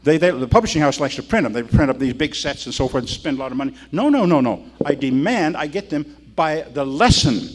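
An older man preaching a sermon as a pastor, telling stories with animated emphasis and repeating phrases. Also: fairly high pitch, a little fast, few pauses.

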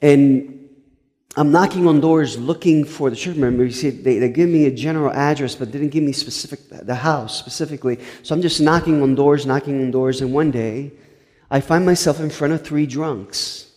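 A man's voice: on the high side, normal speed, darkish tone, long reverb tail. A male pastor telling a story in a sermon, earnest, with frequent stumbling restarts.

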